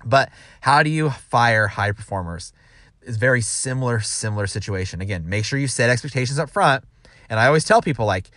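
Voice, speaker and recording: A man's voice: medium pitch, animated, brisk, fairly bright tone, dry recording, clean studio sound. Man rambling through casual workplace advice. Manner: rambling with restarts, acts out quoted dialogue. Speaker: sales manager.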